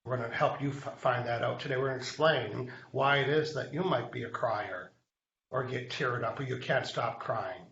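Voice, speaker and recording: A man's voice: medium pitch, normal speed, creaky, a bit bright, echoey room, dull audio, a little hiss or hum. Chatty man hosting a live show. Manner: chatty storyteller, speaking to viewers. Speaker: host. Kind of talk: live online show chat.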